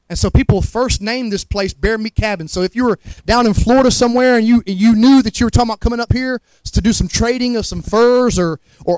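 High-voiced Southern preacher, dry sound. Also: male voice, a little mellow, no room sound, poor audio. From Montgomery, Alabama. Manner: fervent, repeats words, asks the crowd to agree. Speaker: guest preacher. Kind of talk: sermon.

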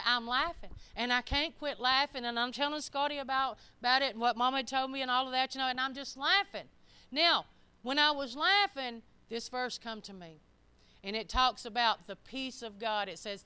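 An older woman preaching a sermon, reading scripture slowly and breaking into plain, folksy, emphatic commentary. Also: high-pitched, sharp tone, clean tone.

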